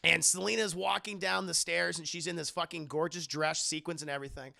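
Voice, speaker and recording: A man recapping a film scene by scene for a live stream, animated and profane, acting out the characters. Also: a little high, a little fast, gravelly.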